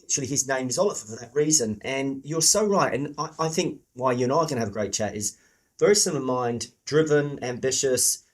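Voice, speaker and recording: Chatty middle-aged English podcast host. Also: male voice, medium pitch, expressive, a little fast. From England. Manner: enthusiastic, chatty, swears casually. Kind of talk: podcast interview.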